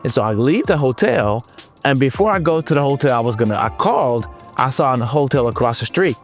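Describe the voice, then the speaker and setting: A man's voice: mid-range voice, lively intonation, brisk, faint music behind. A man from California, a motivational speaker telling a story to students in a casual, playful way, sometimes slipping into a sing-song delivery.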